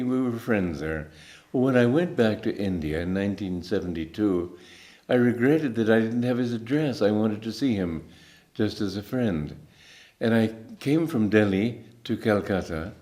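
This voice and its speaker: A man in his eighties giving a spiritual talk as a teacher, telling stories in a calm, unhurried way with pauses. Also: on the low side. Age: 80s.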